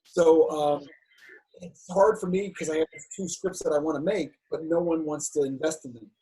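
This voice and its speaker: Guest, male, middle-aged, a little husky and fairly high, frank and unpolished, with many false starts. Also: steady tone, moderate pace, mellow, low-quality recording. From United States, Cincinnati. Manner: frank, talks through restarts and stammers. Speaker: filmmaker and actor, guest. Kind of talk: candid interview storytelling.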